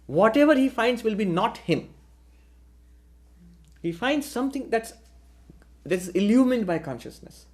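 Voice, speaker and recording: A man, a spiritual teacher, giving a deliberate philosophical lecture and posing rhetorical questions. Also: high voice, animated.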